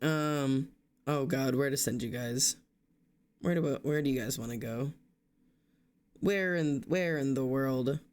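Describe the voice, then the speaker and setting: A man's voice: medium pitch, slow pace, pauses often, darkish tone, clean tone. A young man streaming, exhausted and yawning, talking casually and apologetically to his chat.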